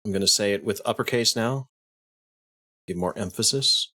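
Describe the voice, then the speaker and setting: A man's voice: on the low side, normal speed, bright, forceful tone. Man casually talking through an edit. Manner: thinks aloud, restarts, chuckles. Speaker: streamer explaining video editing. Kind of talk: casual screen-share tutorial.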